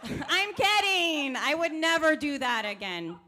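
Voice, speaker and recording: A woman in her thirties performs stand-up on a live stage, her voice high and bright with a faint hiss under it. She tells her bits with animated energy and pops up higher when she acts out a child. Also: measured pace. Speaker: stand-up comedian. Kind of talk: stand-up set. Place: live comedy stage before an audience.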